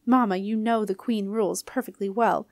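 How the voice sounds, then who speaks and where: Woman reader as young ghost queen mother: insistent, crisply cross, dry close mic. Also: medium pitch, fairly even intonation, normal speed, dry recording, lightly acted.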